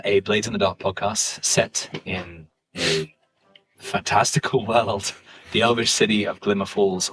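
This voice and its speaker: A man introducing a tabletop game podcast as game master, relaxed with filler ums. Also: on the low side, low-quality recording. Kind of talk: podcast intro and casual chat.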